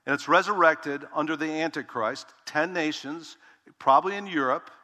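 A man's voice: fairly high pitch, normal speed, pushed and bright. A man preaching as a pastor, reading scripture and explaining it in a casual, conversational style that checks in with the congregation. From Dutch heritage. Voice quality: bald preacher self-described. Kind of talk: expository sermon. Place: large church sanctuary with long reverb. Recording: reverberant church hall.

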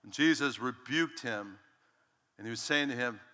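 A male pastor preaching a lively, emphatic sermon to his congregation and calling out "Amen?" as he goes. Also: mid-range voice, normal speed, big-room sound. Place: church sanctuary.

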